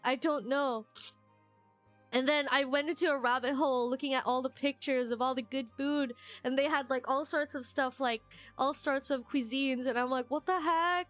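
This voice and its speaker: A young woman streamer chats casually with her viewers in a high voice at a normal pace, rambling and excitable, and she squeals whenever she thanks someone. Soft music plays in the background.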